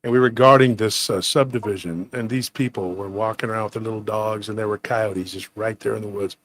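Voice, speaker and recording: A man's voice: fairly low pitch, fairly even intonation, fairly quick, a bit bright. A man from Texas hosting a podcast, telling rambling stories in casual chat and mimicking relatives. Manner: rambling storyteller, mimics relatives in quotes, laughs often. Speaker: podcast host.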